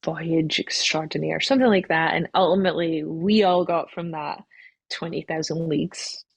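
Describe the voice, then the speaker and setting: Husky woman chatting in an interview. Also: low voice, fairly even intonation, moderate pace, no echo, low-quality recording. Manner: chatty, self-deprecating, laughs often, restarts sentences. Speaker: company CEO, interview guest. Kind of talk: casual interview answers.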